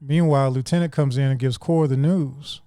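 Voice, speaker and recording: A man co-hosting a podcast, retelling a scene in casual chat and acting out characters in quick put-on voices. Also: mid-range voice, fairly even intonation, warm tone, no room sound, clean studio sound. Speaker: podcast co-host.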